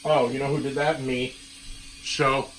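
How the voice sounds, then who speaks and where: A man's voice: medium pitch, level tone, a little slow, a bit bright, a little hiss or hum, poor audio. A man hosting a playful cooking vlog in his home kitchen, riffing hyped wisecracks while he cooks. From Brooklyn, New York. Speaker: cooking show host.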